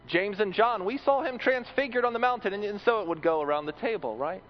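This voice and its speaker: A man's voice: sits high, lively intonation, normal speed, slight background noise. Male preacher, earnest sermon delivery with repeated words, muffled lo-fi recording. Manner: earnest, repeats words when building a point.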